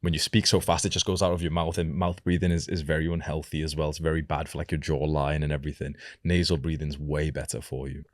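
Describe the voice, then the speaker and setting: A young man coaching viewers, talking slowly and deliberately and lowering the end of each sentence. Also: level tone, no echo, clean studio sound. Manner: slow, deliberate delivery with lowered sentence endings. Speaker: self-improvement coach. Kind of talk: advice talk to camera.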